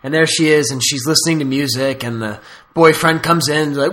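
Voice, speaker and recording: A podcast host chats casually, rambling through stories with laughs and asides. His slightly high voice is fairly bright, and he talks fairly quickly with few pauses.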